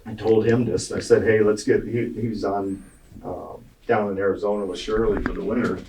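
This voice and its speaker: A man's voice: on the low side, flat delivery, brisk, mellow. A man telling a long, profane, rambling story in a casual podcast chat, chuckling as he goes. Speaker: racing guest telling a story. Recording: distant mic with clear background noise.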